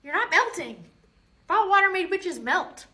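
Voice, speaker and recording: A woman's voice: extremely high pitch, very animated, normal speed, sharp tone, voice pushed up, exaggerated voice. Woman doing an earnest, suspicious 14-year-old boy. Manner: earnest, conspiratorial.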